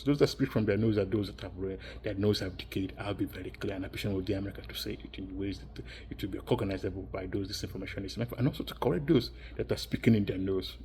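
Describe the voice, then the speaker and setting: A man's voice: fairly low pitch, a little mellow, breathy edge. A man giving a rambling, insistent monologue, repeating and restarting his phrases as he circles his points. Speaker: vlogger.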